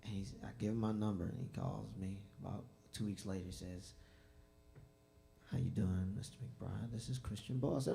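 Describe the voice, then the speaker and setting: Gravelly-voiced man telling a story onstage. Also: on the low side, moderate pace. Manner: animated, acts out dialogue with lively voices. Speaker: bandleader and host of a jazz concert. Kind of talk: storytelling between songs at a live show. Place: music venue stage. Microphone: stage microphone.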